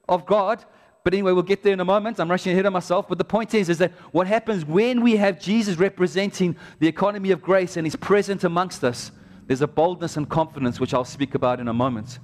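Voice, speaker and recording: A man preaching a sermon in an animated way, often rushing ahead and restarting his thoughts. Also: high-pitched, long reverb tail.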